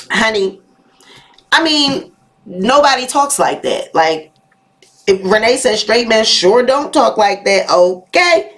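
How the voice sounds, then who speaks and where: A woman's voice: fairly high pitch, expressive, takes it slowly, fairly bright tone. A woman hosting a live gossip commentary show, talking sassily to her viewers and reacting to their comments. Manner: sassy, talks straight to viewers with "honey" and "y'all". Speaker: YouTube live show host.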